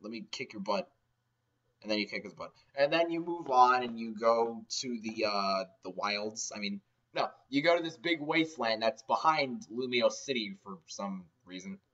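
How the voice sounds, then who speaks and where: A man's voice: mid-range voice, expressive, normal speed, bright, forceful tone. A man giving a rambling, sarcastic comedic game recap, swearing often, recorded on a dull, lo-fi mic. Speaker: game ranter.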